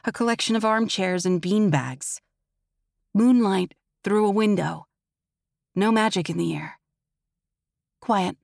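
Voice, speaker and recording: A woman's voice: mid-range voice, takes it slowly, vocal fry, long pauses, no room sound, studio quality. A woman narrating a fantasy audiobook in the first person, with tense and intimate storytelling.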